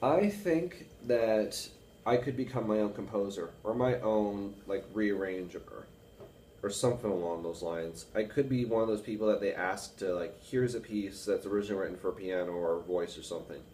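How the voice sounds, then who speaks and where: A young man with a baritone voice, rambling casually to camera with many fillers about reading and analyzing music. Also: moderate pace, dark tone, far from the mic, slight background noise. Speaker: music student vlogger. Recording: echoey room with faint music.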